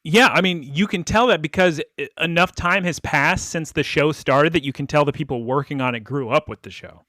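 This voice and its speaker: A man co-hosting a laid-back podcast, his voice sitting a little high for a man. He recaps a cartoon episode with animated energy, dropping into quick quoted voices and laughing along the way. The recording is close and dry, with no room sound. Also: dry recording. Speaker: podcast co-host.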